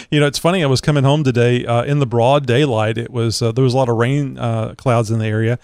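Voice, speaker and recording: A man's voice: mid-range voice, fairly even intonation, fairly quick, a little mellow, clean tone, dry recording, studio quality. A man hosting a podcast in casual chat, rambling and joking with many filler words. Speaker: podcast host.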